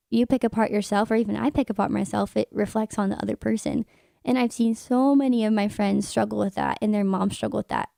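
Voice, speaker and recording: A young American woman guest talks earnestly about faith and habits. Her voice is mellow and gravelly with plenty of fry, and it sounds close and dry. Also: medium pitch, no echo. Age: young adult. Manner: earnest, reflective. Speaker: guest, magazine staff writer. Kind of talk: casual faith-based radio talk.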